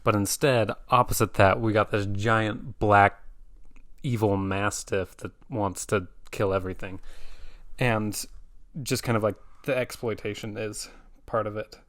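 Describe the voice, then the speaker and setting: A man's voice: fairly low pitch, fairly even intonation, a little slow, a bit bright, dry recording, studio quality. A man reviewing comics in a casual chat, explaining the story with many fillers.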